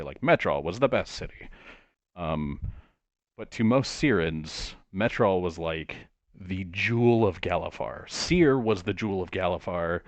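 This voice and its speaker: Role: game master. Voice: very deep, dry. Style: casual tabletop narration. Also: male voice, no echo, dull audio. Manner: casual, filler-heavy narration.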